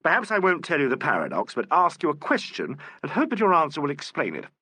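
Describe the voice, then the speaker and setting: A man reading as a suave, courteous inspector, gently ironic and very composed. His lively voice rises and falls a lot and sounds bright and a little breathy, recorded dry and close. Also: a little high, fast talker, no room sound, pitched above the performer's own voice, exaggerated voice. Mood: charming. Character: suave, polite male police inspector. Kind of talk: audiobook character voice.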